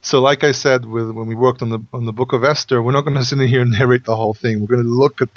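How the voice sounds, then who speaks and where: A man hosting a Bible study, explaining verses at length and thinking out loud as he goes. His voice sits in a middle pitch. The sound is dry and slightly muffled. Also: fairly even intonation, fast talker, no room sound. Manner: explanatory, thinks aloud with restarts. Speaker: host and Bible teacher.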